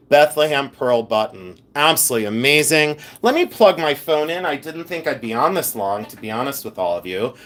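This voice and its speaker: Lively, laughing male stream host. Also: mid-range voice. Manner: playful, teasing, laughs often; chatty and effusive. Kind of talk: casual live-stream chat.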